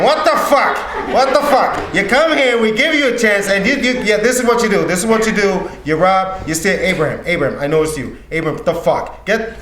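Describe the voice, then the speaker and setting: A man voicing an exasperated male school program director, halting with many uhs, in a roomy echoey room. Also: mid-range voice, far from the mic, slight background noise, close to an everyday voice.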